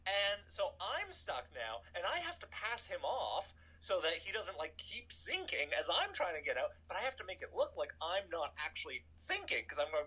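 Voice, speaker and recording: A man in his thirties telling a personal story in a casual, animated way, full of "like" and asides. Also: high voice, normal speed, hardly any pauses, slightly rough, rough recording. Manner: animated, chatty, filler-heavy "like". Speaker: storytelling guest.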